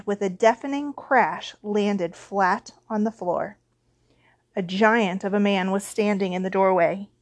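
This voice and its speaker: A woman narrates a storybook aloud, steady and expressive, at a mid-range pitch for her voice. The recording is dry and close, with no room sound. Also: no echo. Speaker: audiobook reader.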